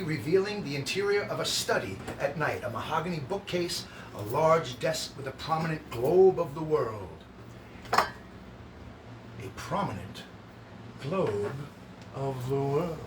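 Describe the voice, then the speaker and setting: A man hosting a live show, reading a stage script aloud with relaxed, offhand asides. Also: a little high, background noise. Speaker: host reading a musical's script. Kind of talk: casual script read-aloud. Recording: echoey room, distant mic, guitar.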